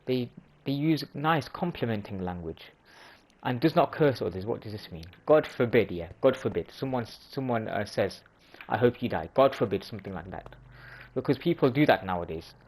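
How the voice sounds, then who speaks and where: A man's voice: medium pitch, animated, normal speed, breathy edge, poor audio. Casual man explaining hadith. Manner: informal, restarts and self-corrections. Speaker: religious video host.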